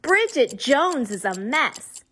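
A woman doing a comedic impression of a prim, self-important young actress, speaking in a haughty, deliberate way. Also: high voice, animated, fairly bright tone. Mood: smug. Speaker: listener giving a recap.

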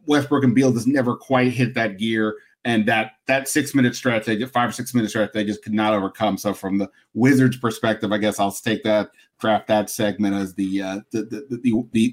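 A man with a lowish voice chatting on a sports podcast. His delivery is halting, and he repeats words while he searches for what to say next. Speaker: podcast panelist. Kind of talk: casual sports analysis.

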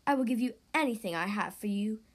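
A woman voicing an anxious, excitable king in a storybook read-aloud, speaking in a raised, pleading, worried way. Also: on the high side, fast talker, husky, voice pushed down.

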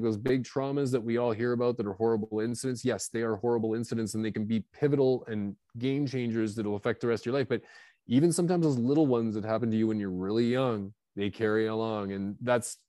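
Mellow-voiced man in his fifties. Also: mid-range voice, no echo. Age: 50s. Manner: animated and confessional, with many fillers and restarts. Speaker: guest author. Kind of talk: candid storytelling.

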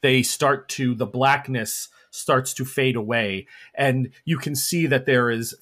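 A man's voice: medium pitch, takes it slowly, fairly bright tone. A man narrating as game master, setting scenes dramatically and vividly.

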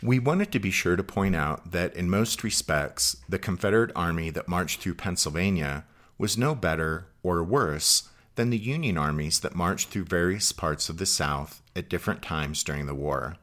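Deep low guy narrating history, measured and scripted. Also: expressive, fairly bright tone. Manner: measured, reads quotes with some color. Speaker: podcast co-host.

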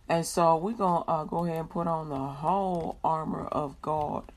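A woman hosting a Christian radio show, mixing slow, drawn-out prayers with chatty talk and frequent laughter. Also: low-pitched, steady tone, darkish tone, slight background noise.

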